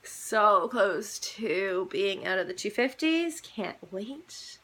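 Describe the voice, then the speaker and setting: Young woman, vlogger, casual chat, bright tone, rambling delivery. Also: medium pitch, expressive, slow pace. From Canada. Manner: rambling, many "like"s and "um"s.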